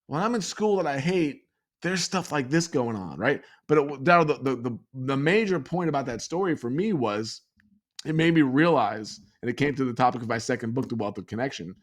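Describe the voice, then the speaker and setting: A man from New York telling a long personal story as a podcast guest, acting out the people in it. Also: mid-range voice. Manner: animated storyteller, acts out the people in his story. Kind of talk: storytelling in a conversation.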